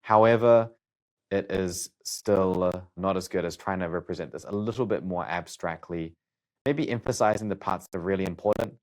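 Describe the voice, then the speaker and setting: Low-voiced man coaching study notes. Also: moderate pace, darkish tone. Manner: casual, thinking aloud with fillers.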